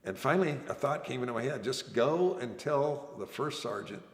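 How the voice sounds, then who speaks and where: A man telling his own story as a veteran, earnest and halting, often restarting his sentences. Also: mid-range voice, lively intonation. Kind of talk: oral history storytelling. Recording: echoey room with long reverb.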